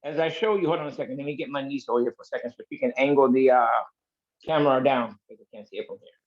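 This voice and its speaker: A man's voice: mid-range voice, very fast. Rambling man on a muffled video call. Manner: chatty, rambling, self-interrupting. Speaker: amateur magician. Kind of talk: comic storytelling with a card trick. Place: niece's house, indoors.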